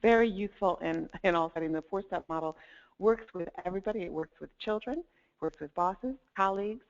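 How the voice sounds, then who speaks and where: A woman life coach speaks a little fast in a mid-range voice, presenting a webinar captured in dull, lo-fi audio. She's upbeat, laughs lightly between points, and demonstrates different tones of voice.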